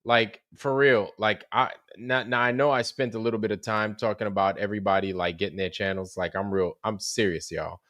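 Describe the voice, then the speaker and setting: A man's voice: fairly low pitch, fairly even intonation, brisk, hardly any pauses, a bit bright, no echo. A man hosting a livestream, chatting casually about a show that just ended. He swears freely, laughs often and greets viewers by name. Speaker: livestream host. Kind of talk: casual livestream recap chat.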